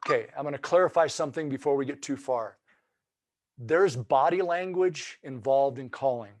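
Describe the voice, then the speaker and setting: A man's voice: mid-range voice, normal speed, no echo. A man giving a webinar lesson on turkey hunting, explaining calls in a folksy, loose way with many restarts.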